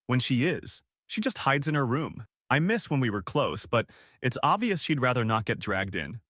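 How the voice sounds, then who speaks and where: A man's voice: mid-range voice, very animated, moderate pace, a bit bright, no room sound. Guy telling a reddit-style story, casual matter-of-fact, voice moves up and down a lot, dry close sound. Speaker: story narrator. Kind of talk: first-person story narration.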